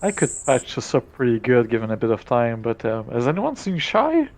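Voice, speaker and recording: A man's voice: medium pitch, wildly swooping pitch, normal speed. Man doing a healer character, casual, voice bounces around a lot.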